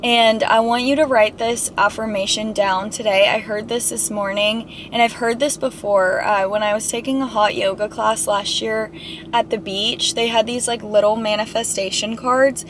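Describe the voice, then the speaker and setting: A young woman talking casually and gently about self-help and spirituality, reflective and full of "like" fillers. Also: on the high side, fairly even intonation, normal speed, slight background noise. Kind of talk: casual motivational talk.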